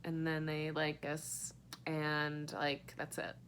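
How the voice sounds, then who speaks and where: A woman's voice: low-pitched, completely flat delivery, slow, fairly bright tone, a little hiss or hum. A young woman giving a casual, rambling book review, sarcastic and full of fillers and swearing.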